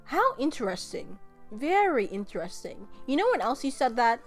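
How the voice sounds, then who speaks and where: Young woman host, kinda high voice, jokey and excitable, casual song review vlog. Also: normal speed, faint music behind. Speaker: host reviewing musical songs.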